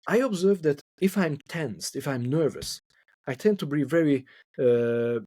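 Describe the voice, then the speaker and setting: This man's voice runs on the high side, unhurried and dark, with no room sound. He's a couple therapist from Hungary being interviewed on a podcast, speaking thoughtfully in non-native English and repeating words while searching for them.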